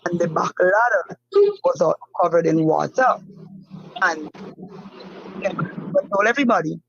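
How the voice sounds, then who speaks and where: Halting, gravelly-voiced woman, dull dry recording. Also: fairly low pitch, fairly bright tone. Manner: halting, repeats words, many "um" fillers. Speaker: family member of a missing fisherman, interview guest. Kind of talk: emotional first-hand account in an interview.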